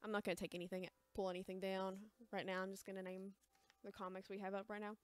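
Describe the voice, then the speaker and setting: A young woman with an American accent chatting casually while selling comics on a livestream, hesitant and rambling, calling herself quiet and awkward. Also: mid-range voice, flat delivery, quick pace, clean tone. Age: young adult. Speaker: shop livestream seller. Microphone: close mic, chewing gum.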